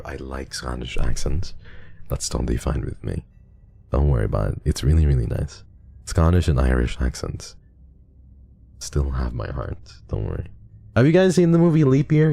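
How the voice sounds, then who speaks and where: A young man streaming and reading donations in a casual chat, soft and affectionate, sometimes teasing his viewers. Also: extremely low pitch, creaky, no echo.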